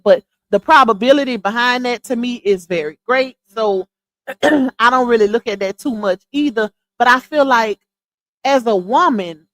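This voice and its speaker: Female livestream host, casual scolding commentary, slightly high voice. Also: a bit bright. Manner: blunt, scolding, addresses viewers directly.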